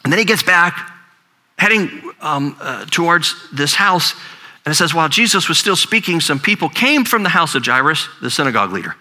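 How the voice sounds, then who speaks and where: A man's voice: a little high, sing-song, normal speed, pushed and bright. An older man, a grandfather, preaching a sermon in a conversational storytelling way, often repeating words as he talks. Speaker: pastor.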